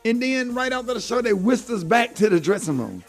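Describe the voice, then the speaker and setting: A middle-aged morning radio host tells a heartfelt story earnestly, filling his talk with "man" and "you know". His voice is very high-pitched and sing-song, brisk, with soft music in the background.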